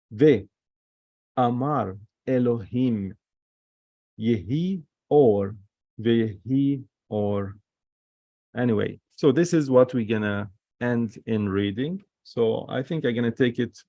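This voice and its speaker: A man's voice: fairly low pitch, creaky, warm tone, no echo. A man teaching an online Hebrew reading lesson, patiently sounding words out syllable by syllable and repeating key points.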